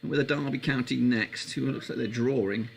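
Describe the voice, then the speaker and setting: An Englishman gives live football watchalong commentary for his stream viewers, talking briskly with a gravelly, creaky voice. He's excitable, his pitch leaping high whenever a chance comes before settling back into relaxed chat, with faint hiss beneath the recording.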